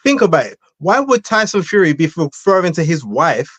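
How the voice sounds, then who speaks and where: A man's voice: a little high, sing-song, brisk, fairly bright tone, dry recording. A man on a boxing debate panel who insists on correcting the others.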